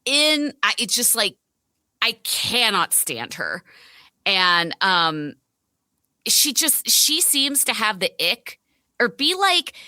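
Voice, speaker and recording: Lively, bright-voiced woman guest ranting. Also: fairly high pitch, takes it slowly, no room sound, studio quality. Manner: ranting, blunt, swears freely. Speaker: podcast guest. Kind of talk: casual chat recapping reality TV.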